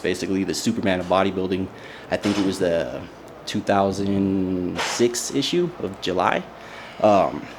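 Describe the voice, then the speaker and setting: A man's voice: low voice, darkish tone, slight background noise. A young man, a bodybuilder, telling his personal story in a casual, earnest way with many fillers. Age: young adult. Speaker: bodybuilder interviewee.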